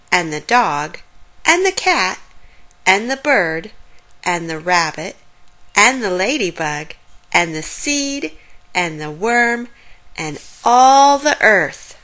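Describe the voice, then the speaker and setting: A woman reading a children's storybook aloud in an expressive, unhurried way. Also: mid-range voice. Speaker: storybook reader.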